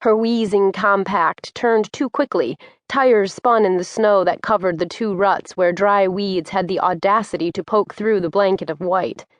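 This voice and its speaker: Brief: woman audiobook narrator, mid pitch, steady descriptive storytelling, dry. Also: dry recording. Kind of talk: scripted narration.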